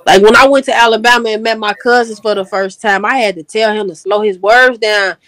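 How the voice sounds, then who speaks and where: A woman's voice: fairly high pitch, fairly even intonation, brisk, a bit bright, no echo. A woman with a Chicago accent and a slight Southern lilt, a guest on a live stream who chats and tells stories. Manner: chatty and storytelling. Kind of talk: casual chat.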